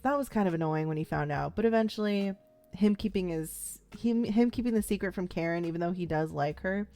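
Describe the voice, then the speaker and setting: Over soft background music, a young woman chats about a show on her first watch, filling her talk with "like" and "um" and playfully voicing the characters' lines. She speaks fairly quickly, in a low, dark-toned voice.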